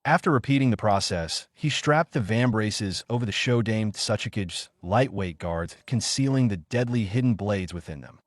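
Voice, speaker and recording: A man reading a fan fiction story aloud as narrator, in an animated storytelling way. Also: on the low side, moderate pace, hardly any pauses, no echo, clean studio sound.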